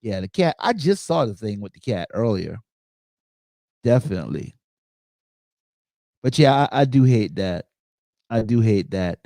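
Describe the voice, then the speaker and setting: A man hosting a podcast, telling stories in a lively way and acting out the quotes. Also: fairly low pitch, unhurried, vocal fry, pauses often, dry recording, studio quality. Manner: animated storytelling, acts out quotes. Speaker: podcast host. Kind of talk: casual chat.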